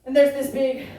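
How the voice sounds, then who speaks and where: Woman, pastor, very high voice, folksy joking sermon, distant mic in an echoey church. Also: warm tone. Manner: folksy, joking, rhetorical questions. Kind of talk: conversational sermon. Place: church sanctuary.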